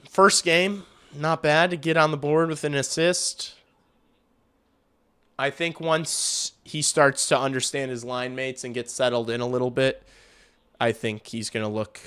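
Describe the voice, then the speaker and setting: A man hosting a hockey livestream, calling the game in casual play-by-play and getting loud and excited on big chances, with some swearing. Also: mid-range voice, clean tone. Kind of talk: casual live play-by-play commentary.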